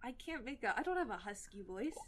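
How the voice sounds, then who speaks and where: A woman's voice: a little high, sing-song, fairly quick. A young woman co-hosting a casual chat, teasing and playful in her reactions. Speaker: podcast co-host.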